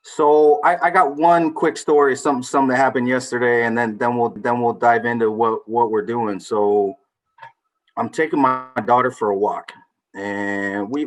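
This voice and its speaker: A man hosting a laid-back chat among friends, telling a story with plenty of swearing and rising heat. His voice sits in a middle pitch. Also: moderate pace, poor audio. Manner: animated storyteller, swears freely. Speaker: podcast host.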